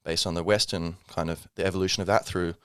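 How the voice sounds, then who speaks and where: A man's voice: sits low, little pitch movement, fast talker, clear, resonant tone, no room sound, studio quality. A man hosting a casual solo podcast, rambling with many fillers and self-corrections. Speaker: podcast host.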